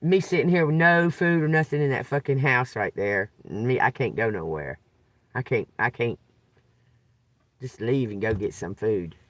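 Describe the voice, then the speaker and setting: A woman's voice: extremely low pitch, expressive, moderate pace, dry recording. A woman ranting in a profane, agitated way, recorded a little away from the mic in a dry car. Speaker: tarot reader. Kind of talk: unscripted venting vlog.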